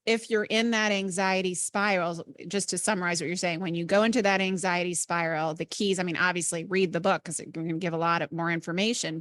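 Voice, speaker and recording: A woman's voice: lowish voice, fairly bright tone, no echo. A woman hosting a podcast interview, reflecting on and summarizing her guest's ideas. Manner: thoughtful, reflects back and summarizes the guest's points. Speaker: podcast host. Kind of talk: conversational interview.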